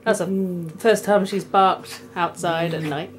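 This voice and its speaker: A woman's voice: lowish voice, steady tone, unhurried, a little hiss or hum. A young woman vlogging at home, gushing in baby talk at her pet dog with gasps and giggles, filmed on a handheld camera. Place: at home indoors. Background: dog sounds.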